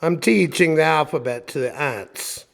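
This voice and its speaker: A man's voice: on the high side, moderate pace, creaky, a bit bright, voice pushed up. A man doing a sarcastic old Italian carpenter. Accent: put-on cartoonish Italian.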